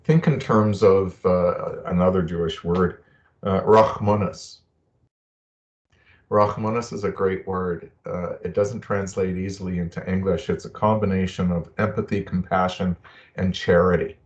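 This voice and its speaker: A man's voice: low voice, steady tone, unhurried, dull audio. A middle-aged man giving a webinar talk, earnest and personal, telling stories from his own life. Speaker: presenter. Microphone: video call.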